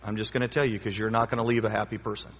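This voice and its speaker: A man's voice: fairly low pitch, flat delivery, rapid-fire. Joking, emphatic man teaching a Bible study. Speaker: pastor leading a Bible study. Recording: long hall reverb.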